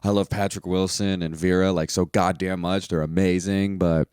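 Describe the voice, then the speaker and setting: A man's voice: deep voice, flat delivery, moderate pace, darkish tone, smooth, no echo, studio quality. A young man giving a casual, profane movie review, rambling with lots of fillers and mocking scenes in put-on voices.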